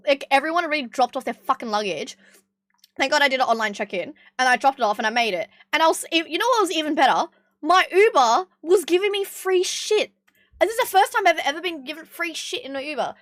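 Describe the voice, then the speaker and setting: Young aussie woman streamer, high voice, dry close mic, animated storytelling with swearing. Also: rapid-fire, dry recording. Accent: Australian. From Australia. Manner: animated, swears freely, acts out voices in stories. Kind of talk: casual stream chat, storytelling.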